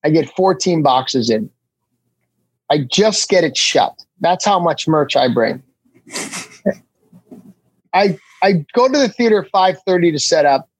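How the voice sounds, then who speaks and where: A Canadian man telling comic stories in a casual chat, acting out what people said with big jumps in pitch. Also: unhurried, long pauses, slightly rough, no echo, rough recording. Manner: animated storyteller, acts out quotes with big jumps in pitch. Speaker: comedian guest.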